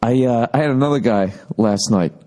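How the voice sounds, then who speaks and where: A man's voice: mid-range voice, brisk, mellow. A man hosting his own podcast, telling road stories in a loose, profane, rambling monologue. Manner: profane, rambling storytelling with mocking impressions. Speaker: podcast host. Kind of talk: casual monologue.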